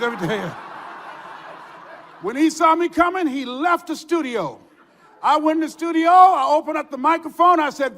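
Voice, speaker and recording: An older man giving a motivational speech, telling stories with shouts and laughter. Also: extremely high pitch. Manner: animated storytelling with shouts and laughs. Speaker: motivational speaker. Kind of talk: motivational speech to a live audience. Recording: hall reverb.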